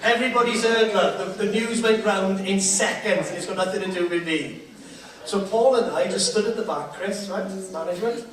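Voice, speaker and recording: A man's voice: high voice, brisk, very echoey. Chatty man on stage. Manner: chatty, laughing, playful. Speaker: entertainer on stage. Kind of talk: live stage patter. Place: large theatre with audience. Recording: distant live theatre recording with crowd and noise.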